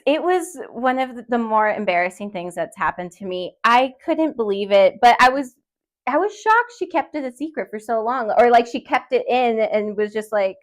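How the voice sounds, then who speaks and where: A woman's voice: mid-range voice, lively intonation, a little fast. A woman hosting a podcast, telling a story in a rambling, self-conscious way with nervous laughs. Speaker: podcast host. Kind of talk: casual solo podcast storytelling. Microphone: studio podcast mic.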